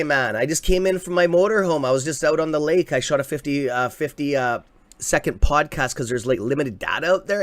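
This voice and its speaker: A Canadian man hosting a casual live stock-market stream, chatty and excitable, swearing freely and reading out viewer comments. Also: fairly high pitch, fairly quick. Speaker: livestream host.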